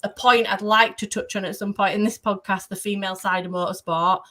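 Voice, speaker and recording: A woman's voice: medium pitch, steady tone, brisk, pushed and bright. A woman talking as a guest motorsport photographer on a casual podcast, enthusiastic and rambling in her storytelling.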